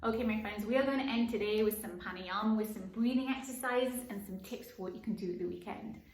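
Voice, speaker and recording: A woman teaching young children at circle time, gently encouraging them and slowly singing and counting along. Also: mid-range voice, a little hiss or hum. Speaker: preschool teacher. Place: home room, live stream. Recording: echoey room.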